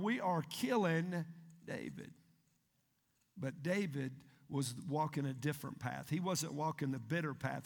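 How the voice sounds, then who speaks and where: A male pastor, preaching a sermon in an animated, emphatic way and asking the congregation questions. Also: sits high, vocal fry. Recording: long hall reverb.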